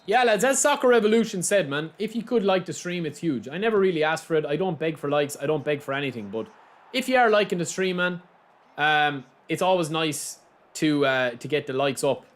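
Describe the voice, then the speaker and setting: Speaking a little fast in a slightly high voice, a young Irish man streams a football video game live. He's chatty and animated, responding to what happens on the pitch and to his viewers.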